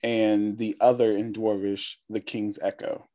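A man playing a tabletop game, speaking deliberately. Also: lowish voice, flat delivery, dark tone, dry recording. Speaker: player. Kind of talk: tabletop game role-play.

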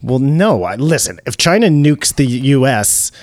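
A man co-hosting a casual podcast, asking measured questions. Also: mid-range voice, animated, no room sound. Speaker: podcast co-host. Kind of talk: casual chat.

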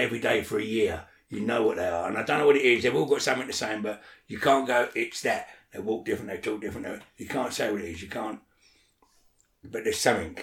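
A man's voice: lowish voice, fairly bright tone, roomy sound. A man talking as an interview guest in casual chat, blunt and swearing a lot, often checking that the listener follows.

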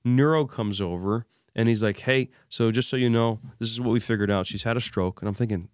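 Speaking fairly quickly with hardly any pauses, a man with a very low voice tells an emotional personal story as an interview guest. He is animated, acts out remembered dialogue, and uses many fillers, and his voice sounds close and dry with no echo.

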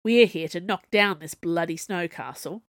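A woman's voice: fairly low pitch, normal speed, dry recording, studio quality, close to an everyday voice. A woman voicing a burly young mountain villager who speaks aggressively and bluntly.

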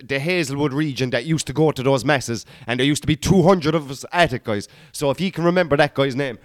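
A man's voice: on the high side, no echo, clean studio sound. A man in his thirties with a Cork accent, a comedian telling rambling stories on his podcast and talking straight to his listeners. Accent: Cork, Irish. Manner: rambling, chatty, addresses listeners as guys and boy. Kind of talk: casual storytelling monologue.

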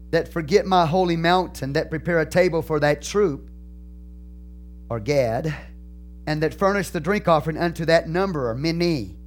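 A high-voiced Texan man preaches a sermon as pastor. He moves between steady explanation and loud, fervent proclamation, with faint music playing behind him. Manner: builds from calm teaching to loud, fervent preaching.

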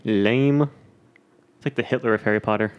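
A man's voice: medium pitch, dull audio. A man co-hosting a podcast, joking around in casual banter. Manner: animated, quick-talking, joking. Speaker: podcast co-host.

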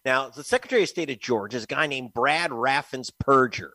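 A man's voice: mid-range voice, brisk, sharp tone, dry recording. A man, a guest investigative reporter, giving emphatic, scornful political commentary with frequent laughs.

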